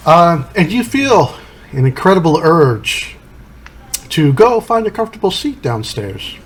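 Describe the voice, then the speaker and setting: A man's voice: a little high, sing-song, a little slow. A man narrates a tabletop game as its game master. He explains each scene in a laid-back way. Faint noise sits under his voice.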